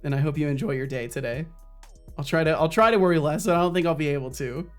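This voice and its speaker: A man's voice: a little high, fast talker. A male streamer chatting casually with his viewers while he works on his game. He rambles in loose, half-finished sentences, restarting often and swearing freely. Faint music plays behind him. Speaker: streamer and solo game developer. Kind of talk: casual live-stream chat.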